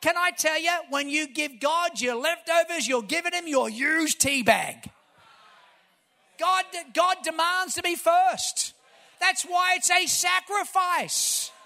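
A man, a pastor preaching a sermon, telling stories and building to shouted emphasis. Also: very high voice, slow pace, creaky.

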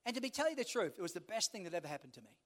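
Male pastor, high-pitched, humorous storytelling sermon, long hall reverb. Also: sing-song, very fast, fairly bright tone. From Australia. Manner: storytelling, humorous, acts out quoted dialogue.

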